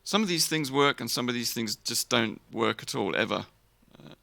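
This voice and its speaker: Gravelly-voiced man rambling on stream. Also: mid-range voice, lively intonation, moderate pace, bright, forceful tone, no room sound. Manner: rambling, chuckling, talks to chat. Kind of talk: casual live stream chat.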